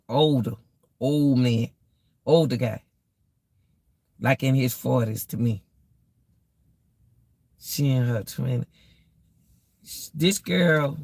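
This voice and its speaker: A woman's voice: rumbling low, gravelly, no echo. A woman giving casual life advice to her viewers, preachy, repetitive and emotional. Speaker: vlogger.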